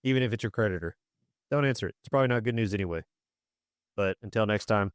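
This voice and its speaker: A man in his thirties co-hosting a casual podcast, dropping deadpan joking remarks. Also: fairly low pitch, quick pace, smooth, dry recording, studio quality. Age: 30s. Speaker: podcast co-host. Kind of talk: casual chat.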